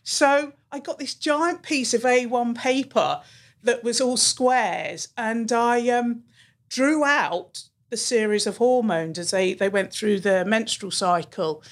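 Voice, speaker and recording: A woman, a teacher telling lively classroom stories as a podcast guest. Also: fairly high pitch, takes it slowly. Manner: animated storyteller who acts out the people she quotes. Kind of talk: storytelling in a podcast interview.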